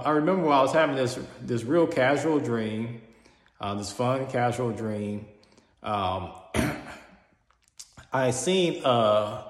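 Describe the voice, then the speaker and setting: A man earnestly telling a personal experience in a casual, halting way, with frequent restarts. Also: medium pitch. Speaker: storyteller sharing a personal experience. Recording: roomy hall reverb.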